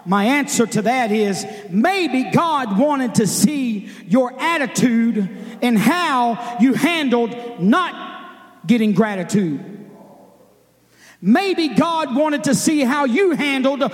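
A male preacher with a very high voice delivers an emphatic sermon. He stretches out some words and shouts others for emphasis, and the long reverb of a big church hall rings behind him. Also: animated, slow pace.

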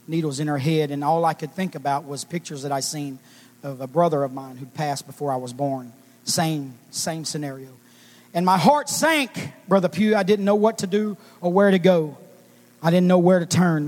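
A man with a high voice preaches his testimony from a church pulpit, his words trailing off into a long hall reverb. He drops to near-whispers while telling the story, then rises to fervent shouts of praise. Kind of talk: testimony sermon. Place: church sanctuary.

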